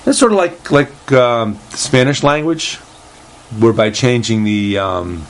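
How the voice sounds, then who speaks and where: A man hosting a casual solo talk show, reading aloud haltingly with lots of fillers and restarts, and a dry, deadpan humor. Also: medium pitch, a little hiss or hum. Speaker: host.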